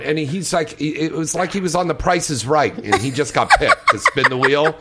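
A man's voice: fairly high pitch, a little fast, hardly any pauses, sharp tone, slightly rough. A man hosting a loose, joking talk show chat and teasing his guest. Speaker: host.

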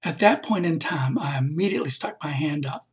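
A man's voice: a little high, lively intonation, fairly quick, slightly rough. A man giving a heartfelt devotional testimony for his podcast, telling a personal story with emphatic feeling. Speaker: podcast speaker.

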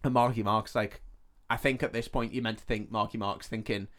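A man's voice: lowish voice, steady tone, a little fast, fairly bright tone. Guy on a film podcast, sweary, keeps laughing, does the characters' lines. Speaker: podcast co-host. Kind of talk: casual film podcast chat, retelling the plot.

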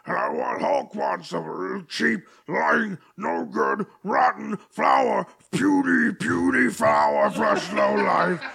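A man voicing the Hulk, shouting a furious rant of insults. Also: sits high, takes it slowly, creaky, hardly any pauses, slightly rough, pitched above the performer's own voice, full character voice. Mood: raging. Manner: shouting, roaring insults in a strained voice. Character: raging green giant doing an angry office rant.

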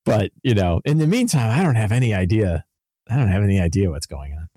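A man, a podcast co-host and game master, recounting his tabletop session in animated, casual storytelling. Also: on the low side, fast, slightly rough, dry recording, studio quality. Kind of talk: casual chat.

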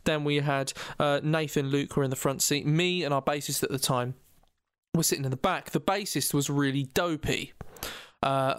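A young man casually telling an anecdote, animated, laughing and acting out quotes loudly. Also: a little high, smooth, no echo, clean studio sound. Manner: animated, laughing, acts out quotes in loud voices. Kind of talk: casual storytelling chat.

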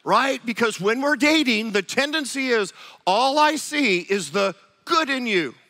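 A man preaching a sermon, animated and acting out quoted voices of spouses. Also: very high voice, measured pace. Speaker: pastor.

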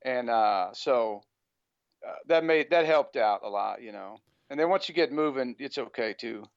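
A man's voice: mid-range voice, lively intonation, moderate pace, no echo, highs cut off. An American man speaking as a guest on an interview podcast, talking casually with a rambling flow full of "you know" fillers. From United States.

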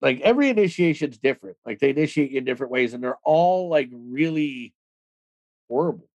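A man speaking as an interview guest, telling his own story in rapid, loose talk with many "like"s and plenty of swearing. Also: medium pitch, expressive, darkish tone, rough recording. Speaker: interview guest, former extremist. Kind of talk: casual storytelling in a podcast interview.

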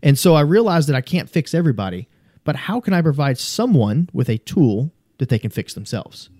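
A man's voice: on the high side, sing-song, brisk, mellow, no room sound, clean studio sound. A man talking as a podcast guest, telling long, rambling stories in a casual, earnest way and swearing freely. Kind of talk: casual conversational storytelling.

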